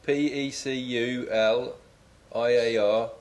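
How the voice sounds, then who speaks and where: A man's voice: medium pitch, steady tone, takes it slowly. A man in his forties co-hosting a comedy chat with dry, mock-serious wit. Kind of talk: comedic banter.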